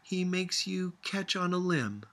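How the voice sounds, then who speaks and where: A man's voice: high voice, lively intonation, unhurried, a bit bright, voice pushed up, exaggerated voice. A man putting on a stubborn old grandmother, dry-witted. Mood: wry, exasperated.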